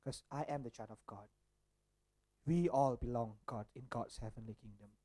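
A pastor with a medium-pitched voice delivers a sermon at a moderate pace, animated and searching, leaning on rhetorical questions and often restarting sentences. The recording is close and dry, with no room sound.

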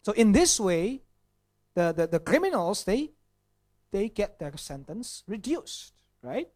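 Pastor preaching in English. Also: male voice, sits high, big pitch swings, slow pace, a little mellow. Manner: asks the audience questions, with some Indonesian asides. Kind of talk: sermon.

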